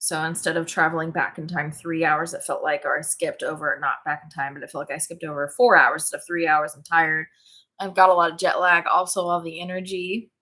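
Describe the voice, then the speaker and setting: A woman's voice: sits low, little pitch movement, fairly quick, sharp tone. A woman hosts a casual livestream, audibly worn out and yawning between sentences. She chats in a loose, rambling way, laughing easily and greeting viewers as they arrive. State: tired and yawning. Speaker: livestream host. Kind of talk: casual live chat.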